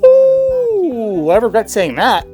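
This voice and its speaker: A man's voice: sits high, animated, brisk, soft background music. A man hosting a comedic commentary channel, ranting crudely with stammers and sarcastic jokes. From Middle East.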